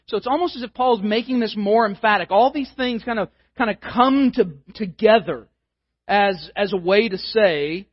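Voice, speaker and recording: A man's voice: high voice, normal speed, husky, no echo, muffled recording. A male pastor giving a conversational, emphatic sermon, often repeating words as he builds a point.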